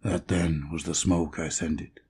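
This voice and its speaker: A man voicing a stern, calm wandering swordsman who speaks softly and coldly, in an audiobook reading. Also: a bass voice, unhurried, slight background noise. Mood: grim. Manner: soft and soothing, then cold.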